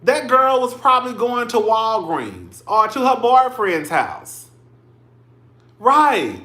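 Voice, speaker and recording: A man with a high, bright voice talks through his livestream at an unhurried pace. He is chatty and emotional, addressing his listeners as "girl" and "y'all". The sound rings a little, like a small bare room. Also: very animated, reverberant. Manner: emotional, tearing up on stream. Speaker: livestream commentary host. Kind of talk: casual livestream commentary.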